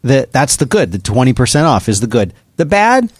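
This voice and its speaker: A man's voice: medium pitch, animated, brisk, a little mellow, slightly rough, no echo, studio quality. A man hosting a podcast, reading a sponsor spot in a chatty way, explaining step by step with a few jokes. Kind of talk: casual ad read on a podcast.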